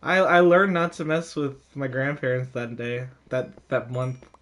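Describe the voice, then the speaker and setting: A young man casually telling a story, animated, with frequent laughs and lots of fillers. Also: medium pitch, measured pace, slight background noise.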